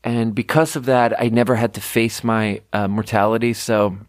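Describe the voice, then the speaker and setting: A young man from Sweden rambles through personal stories on his podcast, swearing casually and poking fun at himself. His voice sits a little low. The sound is close and dry, with no room around it. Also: fairly even intonation, moderate pace, no echo. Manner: rambling, profane, self-deprecating storytelling. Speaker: podcast host. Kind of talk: casual monologue. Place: home room.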